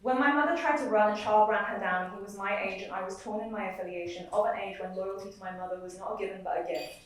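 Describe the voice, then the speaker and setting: A young woman poet giving a live reading, moving between measured recitation and chatty asides between poems. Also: medium pitch. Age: young adult. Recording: very echoey room, mic far off.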